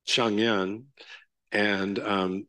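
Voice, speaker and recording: Low-voiced man giving a dharma talk. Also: little pitch movement, drawn-out words, a bit bright, no room sound. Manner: conversational, many fillers and restarts, asks "right?". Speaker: Zen teacher.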